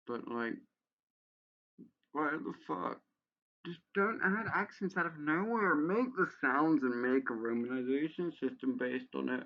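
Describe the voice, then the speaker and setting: A video creator with a mid-range voice, recorded with lo-fi sound, reads a how-to page aloud. His commentary is sarcastic and exasperated, a profane rant packed with swearing.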